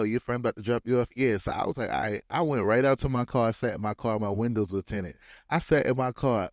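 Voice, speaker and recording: A man casually telling a personal story as podcast host, animated and slangy, often laughing as he goes. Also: medium pitch, no echo, studio quality.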